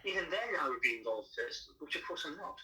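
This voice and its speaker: A solicitor answering on a phone call, defensive and clipped. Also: male voice, fairly high pitch, expressive, quick pace, sharp tone.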